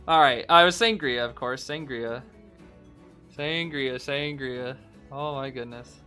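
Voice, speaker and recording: A man streaming, casually co-commentating esports matches and chatting to viewers in an excitable way, often saying "bro" and laughing. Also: medium pitch, slow pace, pauses often, faint music behind.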